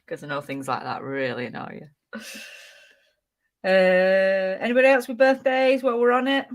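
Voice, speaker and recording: A woman's voice: mid-range voice, measured pace, pauses often. A woman co-hosting a casual live chat, reading out viewer comments, playful and teasing, laughing often. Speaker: co-host of a reselling live stream.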